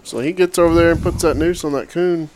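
A man who leads a youth outdoors program, telling a long story in a relaxed, rambling way with lots of fillers. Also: a little high, fast talker, a little hiss or hum. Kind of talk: casual storytelling chat.

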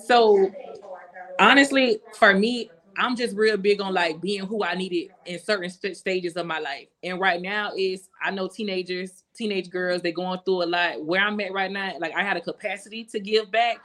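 A woman's voice: medium pitch, steady tone, normal speed, a bit bright. A woman guest talking casually and earnestly on a podcast, reflective and full of slang.

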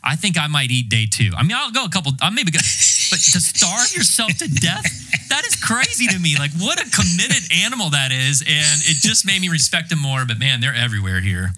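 A young man from North Carolina hosts a casual golf podcast. His voice is bright and forward, and he tells stories with animated, excitable energy. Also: fairly high pitch, a little fast. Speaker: podcast host. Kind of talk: casual storytelling.

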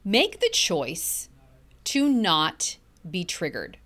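A woman's voice: fairly low pitch, huge pitch swings, extremely slow, a bit bright. A middle-aged woman hosting a motivational podcast, talking earnestly and emphatically and stretching key words for effect. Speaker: podcast host.

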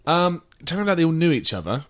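A man's voice: on the high side, very animated, fairly quick. A man from England co-hosting a podcast, telling a story in casual chat, swearing often and mimicking the people he describes. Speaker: podcast co-host.

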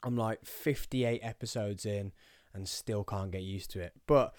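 A man's voice: mid-range voice, unhurried, smooth, dry recording, studio quality. Chatty English man hosting a podcast. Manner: chatty, self-mocking, easily distracted. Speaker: podcast host. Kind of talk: casual chat. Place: small studio. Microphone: studio microphone.

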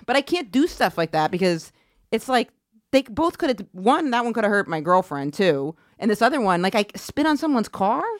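A woman comedian telling stories on a casual podcast, animated and self-deprecating, acting out quotes loudly. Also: medium pitch, normal speed, no echo, studio quality. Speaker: comedian guest.

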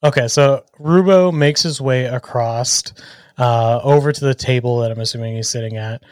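A man's voice: medium pitch, moderate pace, dry recording, studio quality. Laid-back young man playing a tabletop game. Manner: laid-back, joking, lots of "like" fillers. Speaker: player. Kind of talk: casual tabletop play.

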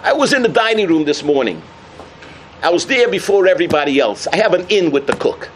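High-voiced storytelling rabbi. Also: male voice, sing-song, a little fast, slight background noise. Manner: storytelling, shouting punchlines. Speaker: rabbi giving a talk. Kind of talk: sermon with jokes and parables.

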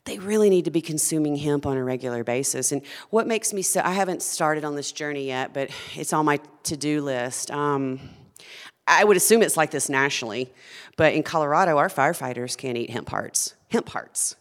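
A woman's voice: low voice, fairly quick, big-room sound. A woman who founded a food company, talking earnestly and with passion as a guest in a conversational interview.

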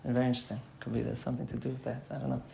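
A man's voice: medium pitch, completely flat delivery, rapid-fire, vocal fry, dark tone. A man giving an explanatory Torah class, thinking aloud and repeating key phrases as he explains. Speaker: Torah teacher.

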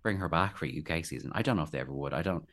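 A man chatting as a podcast guest, animated and quick to act out other people's lines in playful voices. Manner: animated, acts out quoted voices in high pitch. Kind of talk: casual chat.

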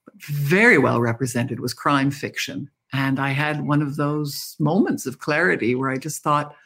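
With a deep, somewhat bright voice at a moderate pace, this older woman from Canada reflects openly as a guest author in an interview conversation. She shares stories frankly and laughs along the way.

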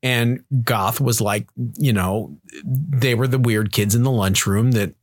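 A man's voice: mid-range voice, measured pace, no room sound, clean studio sound. A man co-hosting a podcast in casual, joking conversation, speaking with plenty of filler words. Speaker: podcast co-host. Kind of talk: casual podcast conversation about music subculture.

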